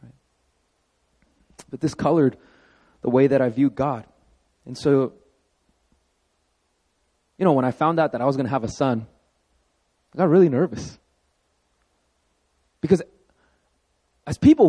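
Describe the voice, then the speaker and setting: Husky, lively-voiced male preacher. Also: medium pitch, moderate pace, long pauses. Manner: storytelling, rises to animated emphasis. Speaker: pastor. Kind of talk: sermon.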